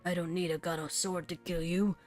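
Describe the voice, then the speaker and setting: A woman voicing a gruff, vengeful male villain with a grim, slow, menacing delivery, in game voice acting. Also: on the low side, flat delivery, darkish tone, faint music behind, close to an everyday voice.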